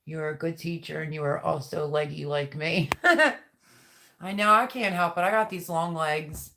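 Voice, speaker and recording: A woman's voice: low-pitched, fairly bright tone. A woman hosting a casual live stream, greeting viewers by name and chatting while she reads their comments. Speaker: livestream host.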